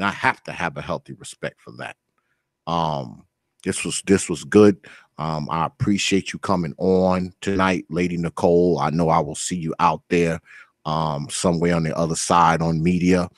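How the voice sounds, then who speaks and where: A man's voice: sits low, moderate pace, dry recording, studio quality. A man hosting a casual online interview, speaking earnestly and gratefully, often repeating himself. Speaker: host.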